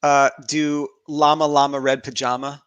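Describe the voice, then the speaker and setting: A man's voice: on the high side, flat delivery, normal speed, fairly bright tone, smooth, no echo, highs cut off. A man hosting a podcast, chatting easily and laughing along with his guest. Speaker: podcast host. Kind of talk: casual chat.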